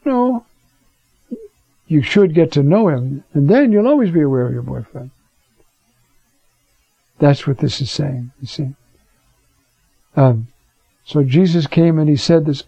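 A man's voice: fairly high pitch, lively intonation, a little slow, vocal fry, pauses often, dark tone, husky, dry recording, lo-fi sound. A man teaching a Bible class in a chatty way, asking rhetorical questions and dropping in fillers. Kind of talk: conversational scripture class.

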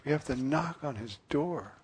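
A priest giving an earnest, musing sermon, often pausing with fillers. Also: male voice, on the high side, animated, breathy edge.

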